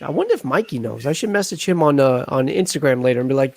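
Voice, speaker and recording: A man's voice: mid-range voice, animated, fast talker, vocal fry, a little mellow, dry recording. A man hosting a casual live stream chat, joking and rambling with plenty of fillers. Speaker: host.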